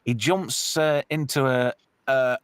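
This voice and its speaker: A man hosting a casual movie podcast, lively and quick to laugh. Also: mid-range voice, clean tone, no echo. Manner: animated, laughs often, does mock voices of characters. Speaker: podcast host.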